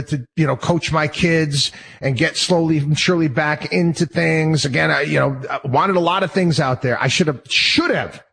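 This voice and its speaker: A man's voice: fairly high pitch, a bit bright, breathy edge, rough recording. A man hosting his own show, talking in a heated, rambling monologue full of restarts and repeated phrases. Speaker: show host. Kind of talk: personal monologue.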